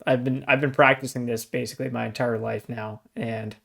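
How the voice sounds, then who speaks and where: A young man co-hosting a book podcast, talking in a chatty, animated way and often saying "dude" and "like". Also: mid-range voice, fairly quick, creaky. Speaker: podcast co-host. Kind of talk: casual book discussion.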